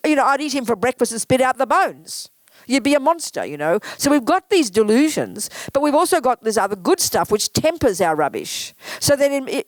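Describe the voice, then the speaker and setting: A woman's voice: a little high, no room sound. A woman giving a frank, emphatic Buddhist teaching in a casual, conversational way. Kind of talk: casual dharma talk.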